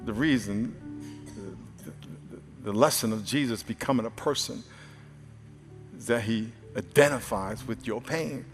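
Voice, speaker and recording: A man preaches to a church congregation, his voice climbing into loud exclamations and then dropping to earnest, near-whispered asides. His pitch sits in an ordinary middle range for a man. The sermon was recorded live in a big hall with a long reverb and faint music underneath. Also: measured pace. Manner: animated, swings from loud exclamations to hushed earnest tones. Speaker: pastor.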